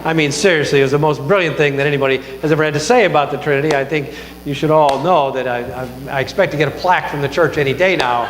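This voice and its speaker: Speaking quickly in a fairly high voice, a pastor gives a chatty, self-mocking sermon full of jokes over a church microphone. The recording carries the long reverb of an echoing church hall.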